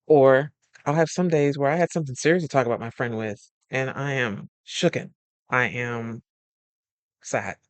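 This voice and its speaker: A man's voice: medium pitch, moderate pace, dry recording. A man who is a life coach talking casually about friendship, telling stories and acting out the voices of friends, laughing often. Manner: animated storyteller acting out quoted friends. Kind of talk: casual advice monologue.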